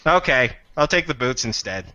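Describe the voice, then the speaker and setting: A man's voice: mid-range voice, lively intonation, moderate pace, bright, forceful tone, no room sound. A man voicing a grouchy, grabby bird creature with a beak, talking through his hand at a tabletop game. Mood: grumpy. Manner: gruff and grabby. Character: cranky birdlike creature, only a beak.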